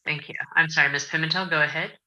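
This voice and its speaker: Woman judge, low voice, forceful tone, formal measured court procedure. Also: fairly even intonation, highs cut off.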